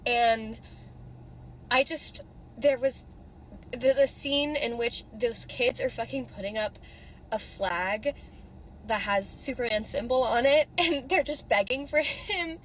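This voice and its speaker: Standing outdoors by a theater, she talks casually into her phone, crying, swearing and rambling with emotion for a vlog reaction as a social media creator. Her voice sits on the high side and moves slowly. Slight background noise mars the poor audio.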